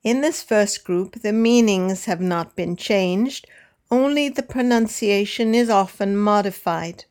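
A woman teaching English pronunciation in a scripted lesson, enunciating slowly and carefully. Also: mid-range voice, darkish tone. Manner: slow, careful, deliberate enunciation.

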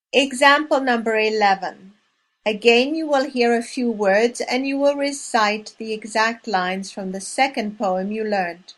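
A woman leading a language lesson drill, speaking slowly and clearly and pausing between words. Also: fairly high pitch, a bit bright. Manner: clear, measured, spacing out each word. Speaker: language teacher. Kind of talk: slow, deliberate language drill.

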